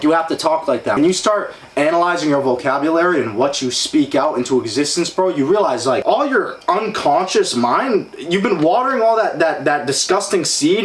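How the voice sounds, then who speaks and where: A man's voice: a little high, reverberant, slight background noise, poor audio. A young man co-hosting a motivational podcast, brash and profane, preaching with lots of "bro". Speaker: co-host. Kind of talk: casual motivational podcast chat.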